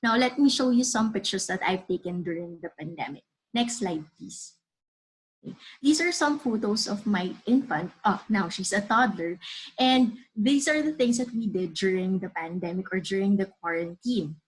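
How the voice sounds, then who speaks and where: Woman in her 30s with a husky voice, giving a calm earnest slide talk to parents. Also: mid-range voice, low-quality recording. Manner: measured, earnest, advisory. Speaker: child development speaker. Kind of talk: webinar slide presentation.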